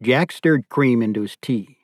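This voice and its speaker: A man narrating an audiobook in a steady, subdued storytelling manner. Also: medium pitch, measured pace, no room sound, studio quality.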